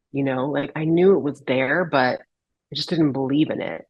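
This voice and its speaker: A woman's voice: a bass voice, normal speed, darkish tone, slightly rough, no room sound, low-quality recording. A woman guest on a podcast, telling a heartfelt personal story in an earnest, reflective way and sometimes searching for her words. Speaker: podcast guest, holistic healer.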